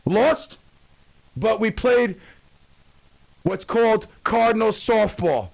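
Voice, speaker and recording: A man hosting a radio show, ranting loudly about his softball team and mocking whiners in a wailing voice. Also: high-pitched, animated, takes it slowly, vocal fry, low-quality recording. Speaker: radio host and softball coach. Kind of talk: animated radio monologue.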